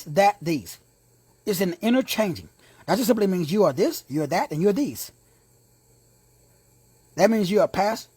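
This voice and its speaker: This is a teaching sermon from a male Bible instructor who stresses his points by repeating key words and tossing in offhand street asides. His husky, fairly high voice shifts a lot in pitch, and the close-miked recording is dry, with no room sound.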